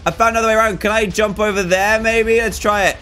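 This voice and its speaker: A young man, giving excitable let's play commentary and groaning at failed jumps. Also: high voice, fast talker, slight background noise. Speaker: gaming YouTuber.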